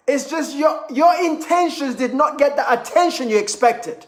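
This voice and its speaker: Motivational speaker, man, high voice, emphatic storytelling, echoey room. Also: expressive, normal speed. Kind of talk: motivational seminar talk.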